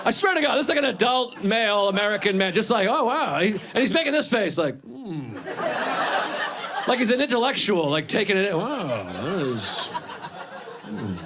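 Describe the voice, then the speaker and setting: A man in his forties doing a stand-up set, self-deprecating, deadpan asides mixed with animated impressions of his friends. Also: high-pitched, fast talker, few pauses, noisy background. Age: 40s. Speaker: stand-up comedian. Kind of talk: stand-up routine. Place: comedy club stage before a live audience. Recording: live club set with a laughing crowd. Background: audience laughter.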